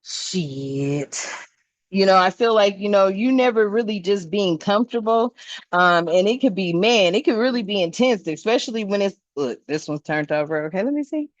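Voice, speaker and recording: A woman's voice: medium pitch, a little fast, no room sound. Woman, tarot reader, casual chat, laughs a lot, curses, dull dry recording. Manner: laughing, swearing, slangy and animated. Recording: dull, slightly lo-fi sound.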